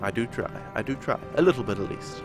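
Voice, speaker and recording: During a live game stream, a young man talks fast and animatedly over music, replying to viewers in a casual way. His mid-range voice is nasal, and he has a sore throat.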